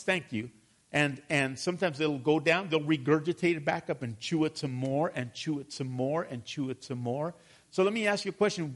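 A man preaching a sermon to his congregation, calling for responses and asking them questions. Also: gravelly. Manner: drops to a low mutter on repeated verses. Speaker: pastor.

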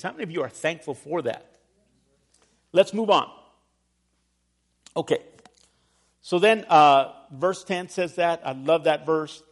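A middle-aged man preaching from the pulpit as pastor. His voice sits a little high and swings widely as he tells a funny personal story. He is animated and chuckles at himself. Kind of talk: sermon.

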